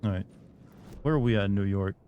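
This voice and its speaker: A man's voice: lowish voice, quick pace, lo-fi sound, slight background noise. A man casually commenting as he plays a game on stream, rambling and cracking crude jokes to his chat.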